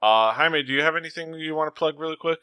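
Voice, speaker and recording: A man hosting a podcast in casual chat, rambling with lots of fillers and quick to laugh. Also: fairly high pitch, sharp tone, smooth, no room sound. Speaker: podcast host.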